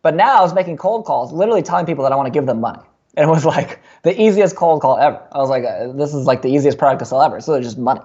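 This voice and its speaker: Fast-talking young man telling his story. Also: a little high, dull audio. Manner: fast, animated storytelling with many fillers and restarts. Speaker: podcast guest. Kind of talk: casual storytelling interview.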